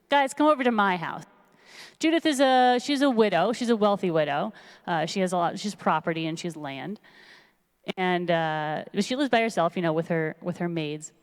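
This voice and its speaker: A woman casually retelling a biblical story at a synagogue service in a chatty, animated way. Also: fairly low pitch. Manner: chatty, animated, lots of fillers. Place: large synagogue sanctuary. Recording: long reverb in a large hall.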